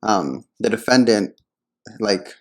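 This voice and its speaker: A man's voice: on the low side, animated, takes it slowly. A man telling a story in casual podcast chat, hesitant and full of fillers.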